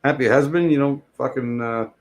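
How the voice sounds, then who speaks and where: A middle-aged man talks casually to his live-stream chat. His voice sits at a middle pitch, and his talk wanders from one joke to the next, with plenty of profanity. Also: normal speed. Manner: rambling, profane, jokey.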